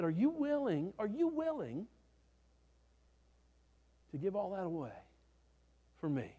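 Male preacher, high-pitched, folksy sermon storytelling with restarts, reverberant hall. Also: big pitch swings, normal speed, long pauses, a little mellow.

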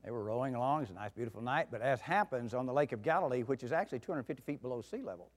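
A man preaching a sermon in a folksy storytelling way, with soft asides and loud outbursts. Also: medium pitch, expressive, rapid-fire. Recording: long hall reverb.

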